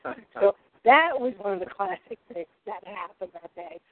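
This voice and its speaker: A middle-aged woman telling kitchen stories in a lively, expressive way as a guest cook. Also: mid-range voice, normal speed. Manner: lively, expressive, laughing storyteller. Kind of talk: animated storytelling chat. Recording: tinny phone-like line.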